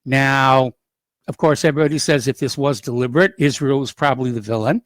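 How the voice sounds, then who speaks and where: A man hosting a call-in radio show, reading news items and adding opinionated asides in an unhurried, conversational way. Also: mid-range voice, no echo. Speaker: radio talk show host.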